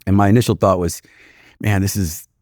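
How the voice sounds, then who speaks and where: A man in his fifties with a deep, low voice recounts a personal story as a podcast guest. He speaks in an earnest, reflective way, often pausing with "you know." The recording sounds close and dry, with no room echo. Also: fairly even intonation, a little mellow. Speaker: podcast guest, retired police commander.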